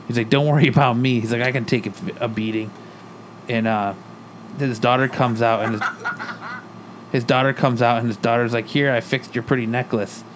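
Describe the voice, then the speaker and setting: A mid-range male voice, with slight background noise behind it. He's a podcast co-host giving a casual retelling of a comic story, speaking the characters' parts in his own voice.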